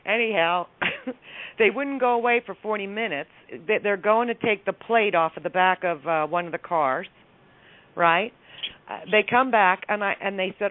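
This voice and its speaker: A woman's voice: mid-range voice, moderate pace. A woman calling in to a radio show, telling a story with energy and acting out each side of the dialogue. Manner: animated, acts out the dialogue of her story. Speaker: caller. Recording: tinny phone line.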